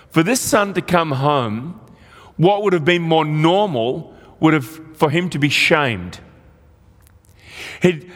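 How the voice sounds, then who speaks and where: A male pastor preaching a sermon, telling a parable in an animated way and acting out the characters' lines. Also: sits high. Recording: long hall reverb.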